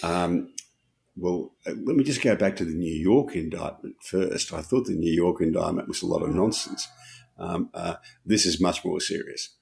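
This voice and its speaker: A man co-hosting a podcast, speaking about politics in a measured, cautious way. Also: deep voice, vocal fry, a little mellow. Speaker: podcast co-host. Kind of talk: casual political chat.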